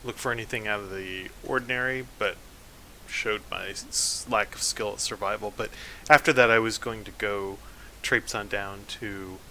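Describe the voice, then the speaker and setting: A man playing a tabletop game who explains his moves softly, trailing off. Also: on the low side, steady tone, moderate pace, a little hiss or hum, poor audio. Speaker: player.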